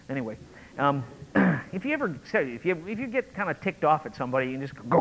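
A man preaching a conversational, animated sermon, acting out quotes as he goes. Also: mid-range voice, quick pace, a little hiss or hum, rough recording. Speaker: pastor.

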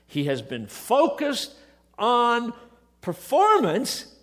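A middle-aged man preaching a sermon, moving between quiet, hushed passages and emotional, impassioned outbursts. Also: very high-pitched, huge pitch swings, drawn-out words.

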